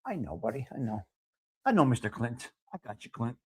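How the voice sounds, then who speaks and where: A man's voice: mid-range voice, big pitch swings, fairly quick, darkish tone, husky. A man hosting a live stream, chatting casually and answering viewer comments in a brash, talkative way. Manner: brash, talkative, mixes in Italian phrases.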